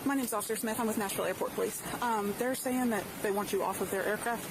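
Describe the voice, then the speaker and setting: A woman airport police officer speaking in a flat, firm and repetitive way inside an aircraft cabin. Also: mid-range voice, quick pace. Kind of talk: calm official exchange. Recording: cabin engine noise.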